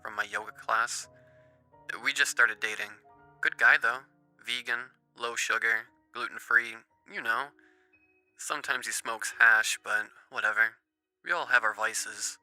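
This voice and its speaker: A man voicing a giddy young woman, the narrator's sister, in a soft, hushed, bubbly way. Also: medium pitch, fairly even intonation, a little slow, no room sound, faint music behind. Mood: casual.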